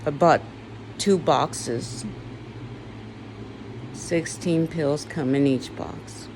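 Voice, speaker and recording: Woman, somewhat low voice, raw confessional talk with blunt swearing. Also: background noise. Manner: slow, weary and emotional, turning bitter with swearing. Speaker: vlogger. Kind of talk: personal confessional monologue.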